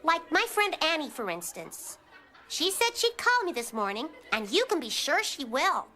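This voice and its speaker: A woman's voice: sits high, sing-song, normal speed, bright, forceful tone, faint music behind, exaggerated voice. A woman voicing a chatty, cheeky young cartoon girl who giggles through her stories. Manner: giggly, bouncy storytelling. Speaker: narrator character. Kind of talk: cartoon monologue to the audience.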